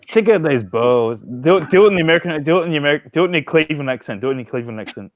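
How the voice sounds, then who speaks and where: A man joins a casual stream chat, teasing the others and swearing freely. His pitch swings widely, and his mic sounds dull and dry. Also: lively intonation, very fast, no echo. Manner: teasing, profane, joking.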